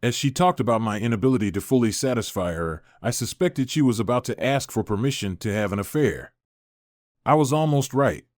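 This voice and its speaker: A man narrating a first-person story in a steady, expressive reading. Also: mid-range voice, fairly quick, no room sound, clean studio sound.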